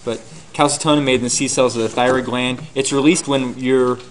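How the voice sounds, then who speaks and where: A man teaching a class, lecturing and quizzing his students with rapid questions and answering them himself. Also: medium pitch, fairly even intonation, slight background noise.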